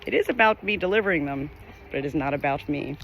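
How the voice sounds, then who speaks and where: A woman's voice: deep voice, expressive, fast, a bit bright, a little hiss or hum. A middle-aged woman, a spiritual medium, talking straight to the camera from her farm home, earnest and rambling, repeating her phrases. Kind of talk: direct-to-camera spiritual message.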